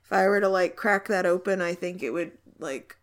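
A woman's voice: fairly low pitch, moderate pace. A woman from Texas talks in a chatty, filler-heavy way as a podcast co-host. She keeps her tone loose and playful. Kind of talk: casual chat.

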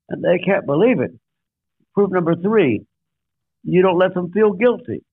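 A man's voice: high-pitched, lively intonation, a little slow, creaky, breathy edge. Older man preaching over a tinny line. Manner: emphatic, numbered points, acts out quotes. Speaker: guest pastor and author. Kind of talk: sermon-like storytelling. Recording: dry, tinny phone-like line.

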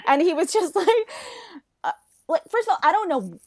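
A woman in her thirties, co-hosting a podcast, telling a story in casual chat, animated, swearing freely and laughing often. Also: extremely high pitch, a little fast. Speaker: podcast co-host.

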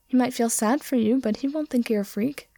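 A woman voicing a gentle teenage boy who speaks softly and reassuringly. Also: fairly high pitch, a little fast, vocal fry, no room sound. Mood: soothing. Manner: soft, soothing, reassuring.

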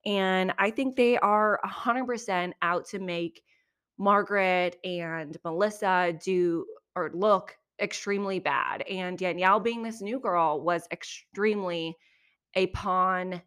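A young woman hosting a podcast, giving a chatty, opinionated recap of reality TV with quick asides. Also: fairly low pitch, a bit bright. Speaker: podcast host.

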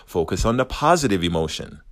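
A man's voice: deep voice, big pitch swings, a little fast, no echo, studio quality. A man giving an earnest, reflective spiritual self-help talk, wandering a little and correcting himself as he goes. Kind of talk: motivational monologue.

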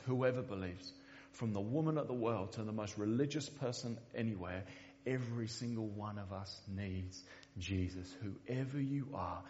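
Earnest low-voiced guy preaching, dull recording, big hall reverb. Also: darkish tone. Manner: earnest, repeats words when starting sentences. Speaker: pastor. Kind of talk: sermon.

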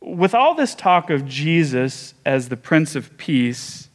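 A man pastor preaching a sermon, telling a story with measured pauses and small restarts. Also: on the high side, sing-song.

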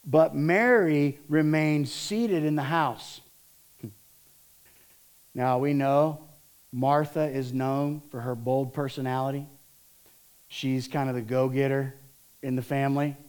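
Lively preaching pastor, a man. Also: mid-range voice, clean tone. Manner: lively storytelling, acts out voices of disciples and Martha. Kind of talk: sermon.

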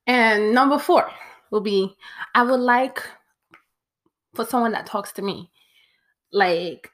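A woman's voice: medium pitch, fairly bright tone. A young woman, chatting playfully to camera as she counts off a list. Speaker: vlogger. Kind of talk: casual talk to camera.

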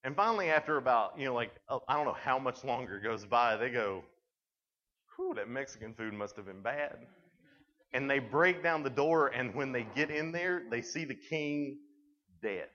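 A man giving a youth camp sermon, telling a story in a lively, conversational way and filling his talk with "like". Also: medium pitch, moderate pace. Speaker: camp speaker. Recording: dull lo-fi recording.

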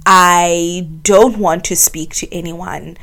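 A woman's voice: lowish voice, fairly even intonation, slow pace, fairly bright tone. A young woman from South Africa, hosting her own podcast from her bed in a candid, confessional chat. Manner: candid and confessional, many fillers like um and like. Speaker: podcast host. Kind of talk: casual solo podcast chat. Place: her bedroom, recording from bed.

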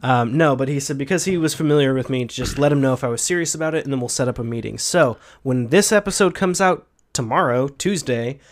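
A man's voice: medium pitch, fairly quick, few pauses. A young man in his twenties co-hosting a podcast, chatting casually, laid-back, swearing and laughing now and then. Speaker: podcast co-host. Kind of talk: casual chat.

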